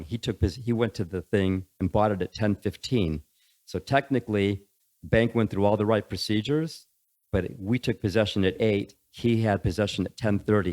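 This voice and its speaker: An older man, a podcast guest, telling rambling stories in a casual, animated way. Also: lowish voice. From United States. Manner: rambling, animated anecdotes with acted quotes. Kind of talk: casual storytelling.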